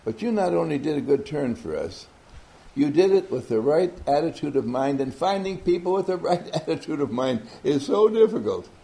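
A man voicing a kindly older male company boss who speaks gently and lovingly. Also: on the high side, expressive, normal speed, gravelly. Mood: praising. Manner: gentle, warm and praising.

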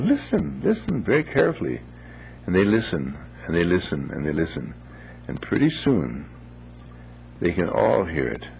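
Low gravelly man telling a folksy story. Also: slight background noise. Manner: gentle, unhurried, moralizing with homely phrases. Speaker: speaker telling a moral story.

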